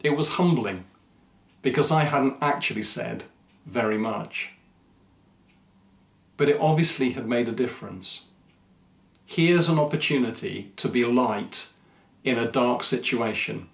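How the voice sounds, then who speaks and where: This is a man sharing a personal story of faith, earnest and reflective in his delivery. His voice sits in an ordinary middle register. The room around him rings with a clear echo. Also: medium pitch. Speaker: Christian mission speaker. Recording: echoey room.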